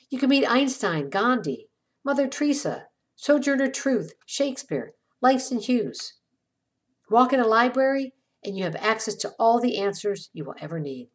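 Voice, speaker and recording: Brief: woman podcast host, reflective scripted essay, lively pitch movement, measured delivery. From small town. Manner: measured, reflective reading with dropping phrase ends.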